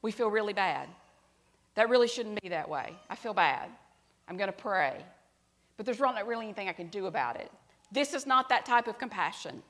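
A middle-aged woman, preaching a sermon and telling a personal story earnestly, her voice dropping soft and quiet at tender moments. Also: medium pitch, expressive, brisk. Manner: earnest storytelling, drops to soft quiet tones at emotional parts.

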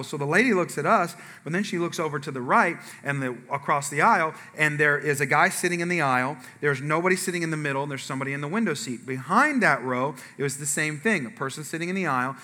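A man's voice: a little high, in a large hall. A man preaching as a pastor, telling a humorous personal story to his congregation, acting out what people said and asking the audience questions. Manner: animated storyteller, acts out quotes, asks audience.

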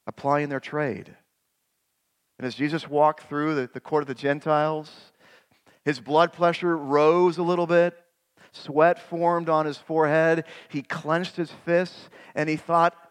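Slow, dramatic storytelling preacher man. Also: a little high. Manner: dramatic storytelling, rising to loud emphatic peaks. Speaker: pastor. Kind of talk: sermon.

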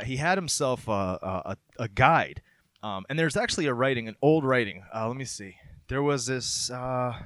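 Male host, mid pitch, relaxed storyteller, reads aloud between chat, dry recording. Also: no room sound. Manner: loose, conversational storytelling that drifts into reading aloud. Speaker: podcast host telling a local legend.

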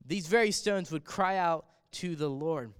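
A man's voice: on the high side, unhurried, smooth, in a large hall. A male pastor preaching a sermon, swelling in volume on the quoted cries of the crowd.

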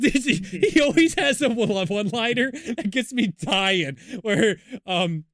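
Guy co-hosting a podcast, kinda high voice, laughs a lot and rambles, dry close mic. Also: dry recording. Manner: animated, laughs often, rambling. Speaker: podcast co-host. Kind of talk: casual chat.

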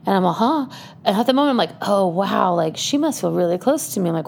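A woman's voice: medium pitch, expressive, quick pace, vocal fry, a little mellow, slight background noise. A woman telling a personal story in casual chat, chatty and laughing often as she goes.

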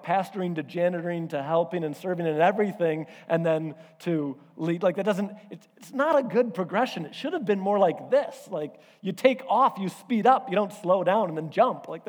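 A male pastor preaching a sermon, telling a personal story in an animated way and acting out voices and asides. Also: high voice. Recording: hall reverb.

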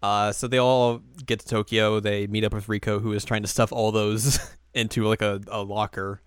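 Male podcast co-host, smooth dry voice, chatty and rambling recap. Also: lowish voice, flat delivery, moderate pace, no room sound. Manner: rambling, filler-heavy, often acts out lines. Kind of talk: casual chat recapping an anime.

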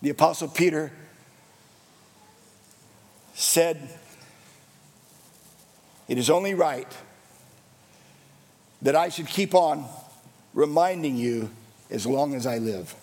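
Gravelly high-voiced preaching man. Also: slow pace, pauses often, a little mellow, long reverb tail. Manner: emphatic, repetitive preaching cadence. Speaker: pastor. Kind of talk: sermon.

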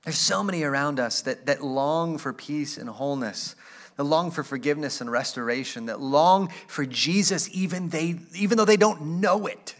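A man's voice: on the high side, normal speed. A man preaching a sermon as pastor, earnest and inviting, and reading aloud from a classic story.

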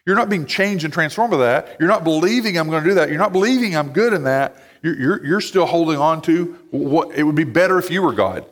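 A man's voice: on the high side, lively intonation, fairly quick, few pauses. A man voicing God firmly rebuking a complaining believer, in a direct manner, with a long hall reverb.

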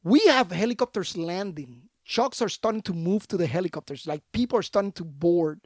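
A man, a podcast guest and army veteran, telling stories in a casual, slangy, animated way in a studio. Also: high voice, a little fast, no echo. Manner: animated, slangy, acts out other voices. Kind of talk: casual storytelling.

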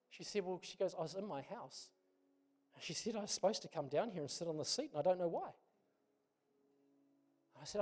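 A man's voice: high voice, very animated, normal speed, long pauses. New man preaching a storytelling sermon. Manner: conversational, storytelling, self-deprecating humor. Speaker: pastor.

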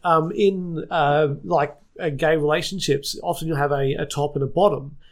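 A man's voice: fairly high pitch, steady tone, normal speed. Explaining man, lots of fillers. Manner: explains things at length, hesitant fillers. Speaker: podcast co-host. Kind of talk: casual chat.

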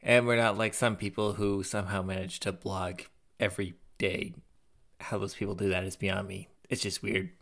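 A man's voice: sits low, little pitch movement, normal speed, creaky, a bit bright. A man co-hosting a casual podcast, with a dry, sardonic, teasing way of talking. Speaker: podcast co-host. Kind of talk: casual chat.

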